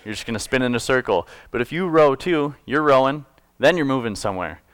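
Expressive and a little fast, a man's medium-pitched, fairly bright voice comes through a dry recording. As pastor, he reads and unpacks scripture for his congregation in a loose, joking way, often self-correcting.

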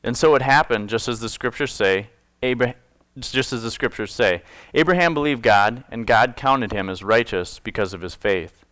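Smooth-voiced man preaching casually. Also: mid-range voice, moderate pace, few pauses, a bit bright, dry recording. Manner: conversational, self-correcting, jokes with congregation. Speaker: pastor. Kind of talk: casual sermon with scripture reading.

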